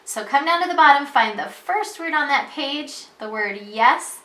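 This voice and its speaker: A woman teaching a reading lesson to preschoolers, patient and sing-song, bursting into excited exclamations when she reads. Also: high-pitched, moderate pace, roomy sound. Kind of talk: reading lesson for young children.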